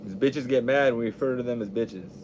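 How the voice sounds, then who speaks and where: A man's voice: medium pitch, a little fast, a little mellow, slight background noise. A young adult man hosting a podcast, talking casually in a rambling, profane, laid-back monologue.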